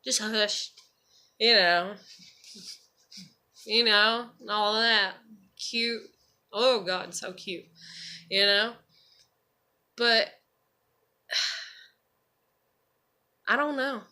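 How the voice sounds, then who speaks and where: A woman's voice: mid-range voice, drawn-out words, pauses often, bright, forceful tone. A woman rambling casually to camera, swearing freely and leaning on "you know" and "like.". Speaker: vlogger.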